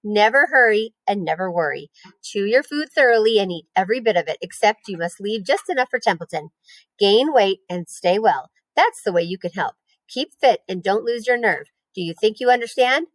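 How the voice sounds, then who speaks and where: A wise, motherly spider as a woman reads her aloud, talking in a steady, soothing way with a firm edge when she scolds. The voice sits a little higher than the reader's own, in a dry, close storybook reading. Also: moderate pace, dry recording, close to an everyday voice, low-quality recording. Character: calm wise female barn spider.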